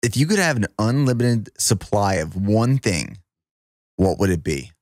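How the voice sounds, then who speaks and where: A man's voice: fairly low pitch, big pitch swings, unhurried, darkish tone, no room sound, studio quality. A man hosting a casual podcast interview, upbeat and teasing. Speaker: podcast host.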